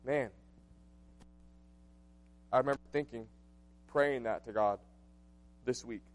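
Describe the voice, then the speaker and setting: A man's voice: mid-range voice, takes it slowly, pauses often. A man in his late twenties preaching a sermon, earnest and conversational, telling a personal story with frequent asides. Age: 20s. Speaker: pastor.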